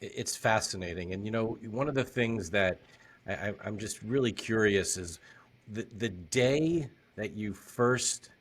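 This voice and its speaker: A male podcast host asks his guest questions, stumbling and restarting as he goes. His voice sits somewhat low. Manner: halting, with repeated restarts. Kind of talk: interview questions.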